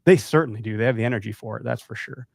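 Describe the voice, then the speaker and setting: A man hosting a podcast in casual chat, animated and acting out the voices of people he quotes. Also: medium pitch, racing, creaky, slightly rough, no echo. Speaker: podcast host.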